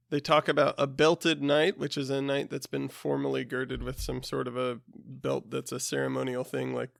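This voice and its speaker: A man's voice: medium pitch, gravelly, no echo, studio quality. A man hosting a podcast, casually explaining old words in a conversational way with fillers and asides. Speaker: podcast host.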